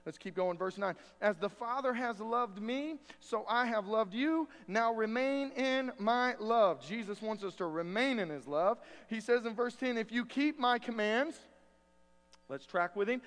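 A pastor with a high-pitched voice delivers a sermon in a folksy, conversational way, mixing scripture reading with homespun stories. His voice carries a long reverb tail from the church sanctuary. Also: fairly bright tone. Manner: folksy, conversational preaching with storytelling.

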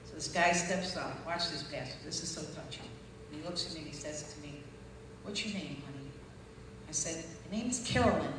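A woman preacher telling her testimony as a story, acting out the voices of people in it and rising to loud, fervent peaks. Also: low voice, a little fast. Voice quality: distinctive voice. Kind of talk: testimony sermon. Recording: echoey hall from far off with noise.

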